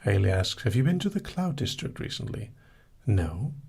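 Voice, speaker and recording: A man hosting a live session, reading listener questions aloud and answering them in a relaxed, casual way. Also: fairly low pitch, normal speed, gravelly, husky. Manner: relaxed, reads out questions then answers briefly.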